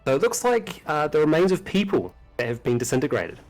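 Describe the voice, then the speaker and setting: A man narrating a tabletop game as game master, describing scenes in an unhurried way. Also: on the high side, big pitch swings, darkish tone, faint music behind.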